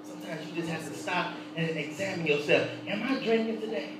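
A man preaching a sermon, telling a personal story with laughter and swinging between hushed and loud delivery. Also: sits high, brisk, very echoey, distant mic, background noise.

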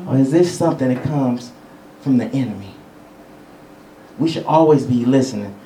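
A man's voice: medium pitch, normal speed, warm tone, roomy sound, distant mic, a little hiss or hum, rough recording. A male preacher giving a conversational teaching sermon. He chuckles between points and calls out for amens. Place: church sanctuary.

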